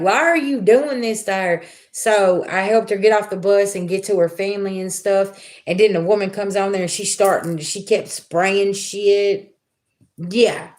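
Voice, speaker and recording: Chatty woman storyteller on a livestream. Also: fairly low pitch. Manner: chatty storyteller, talks back to chat, colloquial. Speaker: tarot reader livestream host. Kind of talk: casual livestream chat.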